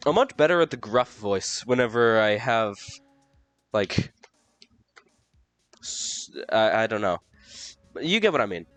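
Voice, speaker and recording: A man's voice: lowish voice, big pitch swings, a little slow, pauses often, fairly bright tone, soft background music. A man reading a game's dialogue aloud, with chatty asides about his own voices and audio. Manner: chatty, self-commenting asides. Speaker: game narrator.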